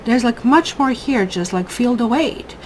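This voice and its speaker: A woman's voice: on the high side, expressive, measured pace, a little mellow, a little hiss or hum, rough recording. A woman voicing a scheming little female squirrel trickster in a storybook retelling, speaking in a sly, coaxing way.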